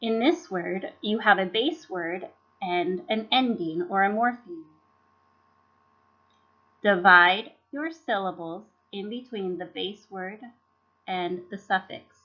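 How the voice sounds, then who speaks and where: Taking her time at a medium pitch, a woman carefully pronounces syllables and words in a scripted lesson. She's a teacher giving professional development as instructional narration for a slide deck, and the audio is dull and lo-fi.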